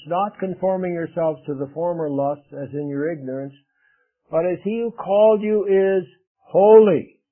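A man preaching a sermon in an earnest way, with emphatic rises and quiet drops. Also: fairly high pitch. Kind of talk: radio sermon. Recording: narrow phone-like radio broadcast.

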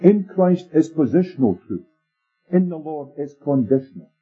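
Tinny recorded preacher, husky man. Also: fairly high pitch, sing-song. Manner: storytelling preacher, measured and emphatic. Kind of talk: sermon. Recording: tinny lo-fi sermon tape with faint music.

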